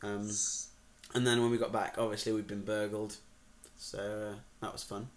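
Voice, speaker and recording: A young man hosting a casual podcast chat, relaxed and hesitant with lots of fillers. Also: fairly low pitch, normal speed. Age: young adult. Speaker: podcast host. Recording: faint background noise.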